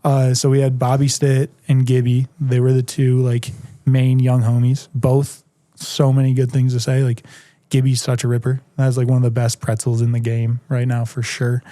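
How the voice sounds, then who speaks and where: A man in his twenties, a podcast guest telling stories in casual chat, animated and full of "like" fillers. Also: mid-range voice, moderate pace, dry recording. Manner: animated storyteller, heavy "like" filler.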